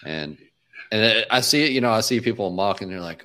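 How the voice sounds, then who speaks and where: A man hosting a football podcast, thinking aloud in a measured, hedging way. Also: fairly low pitch, animated, sharp tone. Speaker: podcast host. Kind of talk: casual podcast chat.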